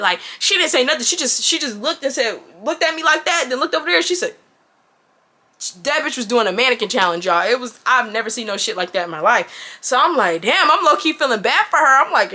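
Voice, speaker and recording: A woman in her twenties telling a story to camera in a casual vlog. Her delivery is animated, slangy and expressive. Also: high-pitched, brisk. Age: 20s. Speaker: vlogger.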